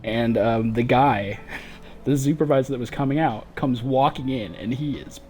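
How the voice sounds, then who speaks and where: A man's voice: medium pitch, normal speed, darkish tone, soft background music. A man livestreaming a game, telling a long profane story in a frustrated casual rant and laughing through it. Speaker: gaming livestreamer.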